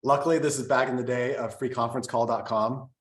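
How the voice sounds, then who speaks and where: A man's voice: mid-range voice, fairly even intonation, quick pace. Guy cohosting a coaching call, joking around, echoey room. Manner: easygoing, jokey. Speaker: business coach. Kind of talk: casual coaching call chat.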